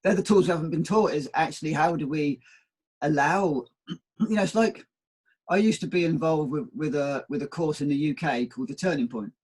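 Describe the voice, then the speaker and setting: Guy chatting on a spiritual podcast, kinda husky, slightly high voice, thoughtful and rambling. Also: normal speed, darkish tone. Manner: reflective, storytelling, repeats words. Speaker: co-host. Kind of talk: casual spiritual chat.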